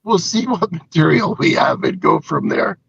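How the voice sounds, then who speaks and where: A man's voice: high voice, expressive, moderate pace, creaky, a bit bright, breathy edge, no echo, lo-fi sound. An older man co-hosting a casual live show, rambling through stories and reading out viewer comments. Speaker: co-host. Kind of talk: casual live-stream chat.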